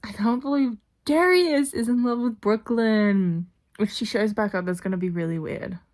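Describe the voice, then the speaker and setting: A young adult woman rambling excitedly in a casual reaction vlog, gushing over a TV series. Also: fairly high pitch, normal speed.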